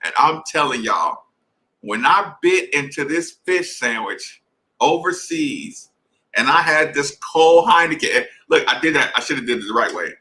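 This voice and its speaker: A man telling a long story in a casual, animated way, speaking straight to his listeners. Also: fairly high pitch, normal speed, poor audio. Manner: animated, conversational, addresses listeners directly. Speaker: podcast host.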